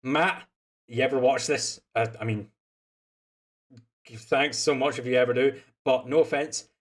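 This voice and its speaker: A man's voice: medium pitch, fairly even intonation, a little slow. A young Scottish man from Scotland, chatting casually as game master and stream host, rambling with lots of fillers and restarts. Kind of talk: casual chat after a tabletop game stream.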